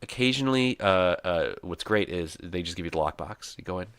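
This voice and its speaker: A man on a casual podcast, telling animated stories with frequent laughs and casual swearing. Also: sits low, brisk, smooth, no echo. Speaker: podcast guest or host.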